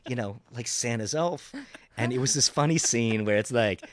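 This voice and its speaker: A man's voice: medium pitch, moderate pace. A man telling an anecdote in casual podcast chat, talking with lots of fillers and acting out other people's voices. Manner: animated storyteller, lots of fillers, acts out voices. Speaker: actor telling a story.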